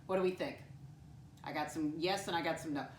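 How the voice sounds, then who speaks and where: Woman teacher for a 1st-grade lesson, slightly low voice, encouraging, recorded from a distance in a roomy space. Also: a little hiss or hum. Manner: encouraging, addresses kids as "my friends", spells words out slowly. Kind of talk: first-grade lesson to camera. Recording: echoey room, voice from a distance.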